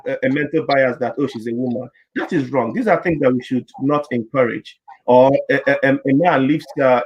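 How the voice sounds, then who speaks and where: A man's voice: mid-range voice, breathy edge, lo-fi sound. A man speaking as a panelist and therapist in a panel discussion, earnest and explanatory, often repeating words as he builds his point.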